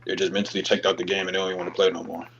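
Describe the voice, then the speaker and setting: Deep-voiced young man, halting casual talk. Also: level tone, fairly bright tone. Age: young adult. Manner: halting, many "like" fillers. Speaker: student athlete guest. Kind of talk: casual podcast chat. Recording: dull audio with faint noise.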